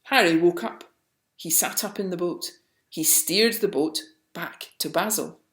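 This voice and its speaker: A woman reading a picture book aloud, slowly and expressively. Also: fairly low pitch, creaky. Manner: slow and expressive. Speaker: storyteller. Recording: roomy echo.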